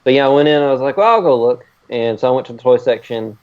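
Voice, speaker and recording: A man's voice: medium pitch, steady tone, rapid-fire, clear, resonant tone, dull audio. A man co-hosting a podcast in casual chat. He talks in a laid-back, rambling way with many fillers and chuckles. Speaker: podcast co-host.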